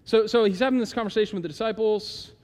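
A middle-aged male pastor preaching with a high voice, conversational one moment and emphatic the next. He slows down to stress key words and calls on the room to repeat lines with him. His voice rings with a long reverb from the hall. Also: darkish tone. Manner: conversational, asks the congregation to repeat lines aloud. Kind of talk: sermon.

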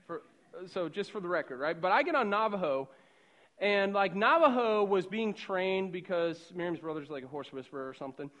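A middle-aged man from the Boston suburbs preaching a sermon, telling a story in a loose, conversational way and swinging from hushed to loud. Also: high voice, animated, moderate pace.

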